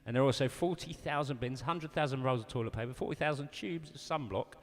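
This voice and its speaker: A man's voice: mid-range voice, quick pace, long reverb tail. A man in a band, teasing and playful, chatting enthusiastically on a livestream. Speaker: bass player in a band. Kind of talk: casual banter.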